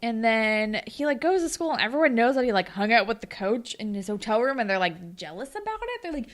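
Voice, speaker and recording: A woman's voice: a little high, a little fast. A young woman co-hosting a podcast, animatedly recapping a TV episode with sarcastic quoted voices. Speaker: podcast co-host. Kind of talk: casual recap chat.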